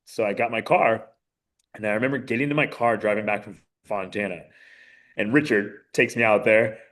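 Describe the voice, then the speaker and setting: Animated man telling his story. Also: fairly low pitch, a little fast. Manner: animated, many fillers, voices quotes. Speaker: podcast guest, mayoral candidate. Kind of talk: casual storytelling interview.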